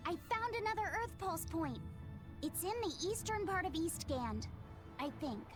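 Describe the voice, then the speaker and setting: An actress playing a thoughtful, gentle young boy in a video game. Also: very high voice, sing-song, moderate pace, over music.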